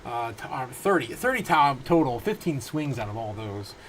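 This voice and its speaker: A man in his thirties hosting a casual crypto livestream from his home, rambling through viewer comments with halting restarts and frequent laughs. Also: medium pitch, very animated, fairly bright tone, a little hiss or hum, low-quality recording. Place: home room.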